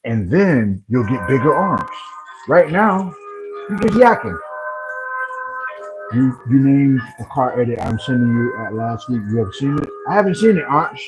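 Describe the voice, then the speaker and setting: Over music, in a rough recording, a man running a livestream chats casually with viewers, delivering animated, playful trash talk and teasing banter. He speaks in a mid-range voice at a moderate pace with few pauses.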